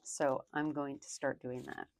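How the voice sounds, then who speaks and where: A woman's voice: rumbling low, little pitch movement, unhurried, a little mellow, slight background noise. A young woman and working mom chatting casually while counting cash for her budget, rambling with lots of "like".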